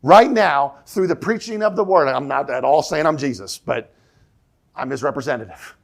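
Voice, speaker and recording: A man preaching a sermon as pastor, emphatic, repeating key lines and dropping his voice low for the quoted question. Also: animated, normal speed, vocal fry. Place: church sanctuary.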